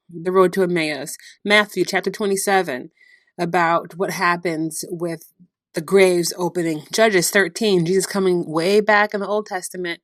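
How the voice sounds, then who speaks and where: Woman doing a devotional podcast, lowish voice, laughs a lot telling bible stories, dry close sound. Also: dry recording. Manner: lively storytelling with frequent laughter. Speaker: podcast host.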